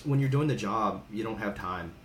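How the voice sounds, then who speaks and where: Recorded in an echoey room with slight background noise, a thirty-something man from Hawaii speaks at a moderate pace in a low-leaning voice. An experienced podcast guest, he tells stories in a candid, conversational way, swearing at times and imitating the voices he quotes.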